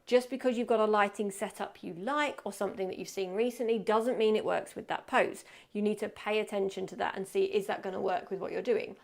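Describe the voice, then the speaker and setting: A woman's voice: mid-range voice, steady tone, a little fast, creaky, few pauses. A woman teaching portrait posing in a studio, talking casually and showing the poses as she explains. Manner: chatty, demonstrates poses while explaining. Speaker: photography workshop tutor. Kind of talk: casual instructional talk. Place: photo studio.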